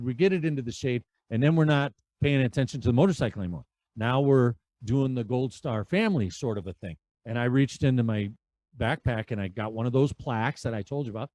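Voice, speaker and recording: A man in his fifties telling road stories as a podcast guest, animated and acting out the dialogue. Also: medium pitch, no echo. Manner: animated storyteller who acts out dialogue. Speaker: podcast guest, veterans' charity rider. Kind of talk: conversational storytelling.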